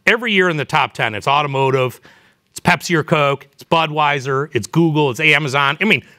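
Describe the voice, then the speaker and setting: A man's voice: on the high side, a little fast, bright, forceful tone. A man around fifty, an executive guest, telling candid stories in a casual interview with many fillers. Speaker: chief marketing officer, guest.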